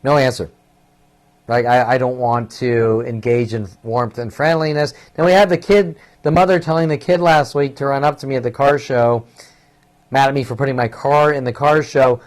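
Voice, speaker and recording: A man's voice: mid-range voice, moderate pace. A man talking alone in an agitated, rambling monologue, full of profanity and repetition. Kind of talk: rambling solo monologue to camera.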